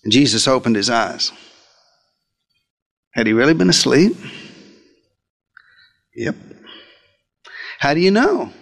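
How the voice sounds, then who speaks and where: A man's voice: big pitch swings, slow, gravelly, pauses often. A man preaching a sermon as a dramatic first-person retelling, theatrical, with dry humorous asides. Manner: theatrical, with wide swings in pitch and pace.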